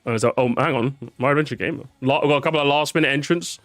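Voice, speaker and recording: A man's voice: medium pitch, rapid-fire, a bit bright, no echo. Man, tired streamer, casual chat, repeats words, swears, faint music behind.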